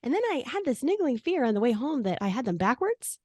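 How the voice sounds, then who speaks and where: A woman's voice: high voice, big pitch swings, fast talker, a little mellow, no echo, clean studio sound. A woman co-hosting a podcast. She tells stories in a chatty way and laughs often. She studied English. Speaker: podcast co-host. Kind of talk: casual podcast chat.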